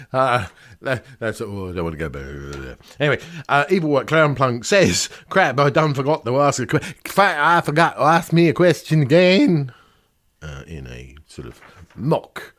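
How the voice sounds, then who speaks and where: An older man, hosting a casual Q&A vlog in a rambling, self-mocking way, often laughing at himself. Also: mid-range voice. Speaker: vlog host answering viewer questions.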